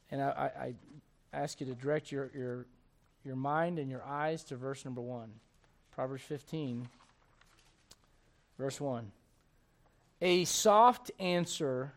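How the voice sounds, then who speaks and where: A man's voice: a little high, darkish tone. A man, preaching a sermon in a conversational, storytelling way full of rhetorical questions.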